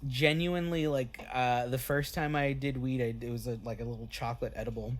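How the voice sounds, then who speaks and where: A man's voice: medium pitch, steady tone. A man, a band member on a casual podcast, telling stories in a joking, self-deprecating way with lots of fillers. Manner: self-deprecating, quick jokes, filler-heavy.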